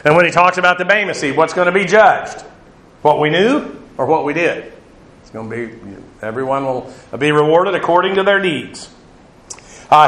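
Guy preaching, chatty and rambling, kinda higher voice, echoey room. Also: lively intonation, moderate pace, a bit bright. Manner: conversational, digressive, frequent uh fillers. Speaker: pastor. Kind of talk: sermon.

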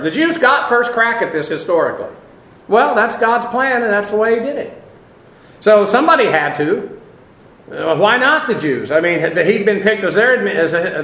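A man's voice: high voice, fairly bright tone, roomy sound, low-quality recording. A man teaching a Bible lesson as a sermon, talking in a loose conversational way with fillers and small laughs.

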